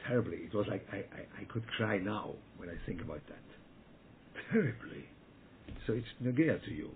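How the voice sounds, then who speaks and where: A man leading a Torah study group over a video call, speaking emphatically and repeating himself, often restarting his sentences. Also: low voice. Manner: emphatic, repetitive, halting with frequent restarts. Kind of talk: Torah talk over a webinar. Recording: tinny phone-like call audio with faint noise.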